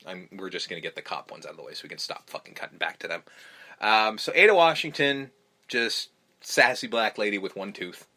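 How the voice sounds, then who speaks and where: A man's voice: lowish voice, a little fast, sharp tone. A man hosting a podcast, recapping a film in casual, rambling chat full of ums, restarts and swearing. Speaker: podcast host.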